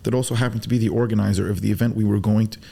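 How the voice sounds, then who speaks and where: Low-pitched and rapid-fire with a creaky, breathy edge, this man was raised in the Arab world and is a guest on a casual podcast. He tells stories animatedly, acts out what people said and swears freely.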